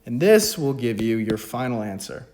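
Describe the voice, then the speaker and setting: An economics video tutor works through a math problem in a casual spoken lesson, cracking joking, self-mocking asides between steps. His medium-pitched voice is very animated with a darkish tone, delivered at a moderate pace over faint background music.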